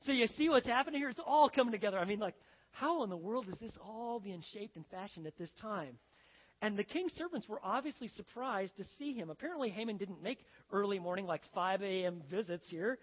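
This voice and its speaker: A conversational preacher with a long echo. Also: male voice, sits high, fairly quick. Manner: conversational, animated storytelling. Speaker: pastor. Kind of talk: sermon. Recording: dull lo-fi sound with long hall reverb.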